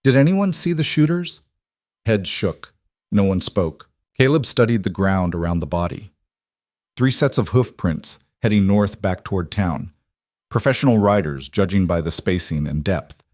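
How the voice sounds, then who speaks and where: Low-voiced man narrating a western. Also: moderate pace, darkish tone, no room sound, clean studio sound.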